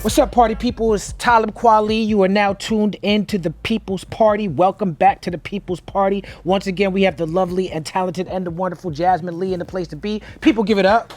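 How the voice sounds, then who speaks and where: A man's voice: high voice, fairly quick, hardly any pauses, music in the background. Man hosting a hip-hop interview show. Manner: hype-man introductions, relaxed and friendly. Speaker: host.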